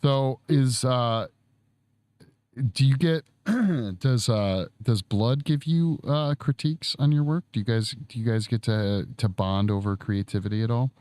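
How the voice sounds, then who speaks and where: A man in his thirties hosting a casual chat stream from his studio while he sculpts, relaxed and quick to chuckle. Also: mid-range voice, clean tone, dry recording. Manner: laid-back, chuckles often, trails off. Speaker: streamer host. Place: home studio.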